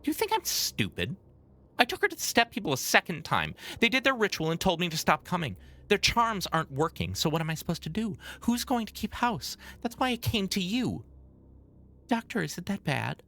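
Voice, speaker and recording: A woman's voice: fairly low pitch, wildly swooping pitch, moderate pace, a bit bright, heavily acted. A woman voicing a stubborn, defensive village mother in a game, reading her dialogue aloud in an indignant, self-justifying way.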